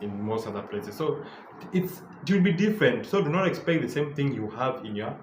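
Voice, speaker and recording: A man's voice: mid-range voice, animated, fairly quick, darkish tone. A man giving casual, earnest travel advice to camera, often restarting and repeating his phrases. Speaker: travel vlogger. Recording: echoey room with faint background noise.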